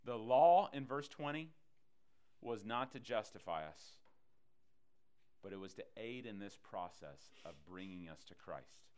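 Guy preaching, voice swings up and down a lot, acts out people in his stories. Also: lowish voice. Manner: animated preaching, acting out voices in quotes. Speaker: pastor. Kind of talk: sermon.

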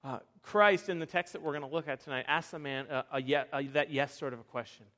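High-voiced young pastor telling lively stories. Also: male voice, quick pace. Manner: animated, self-deprecating storytelling with frequent restarts. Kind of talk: sermon with personal stories.

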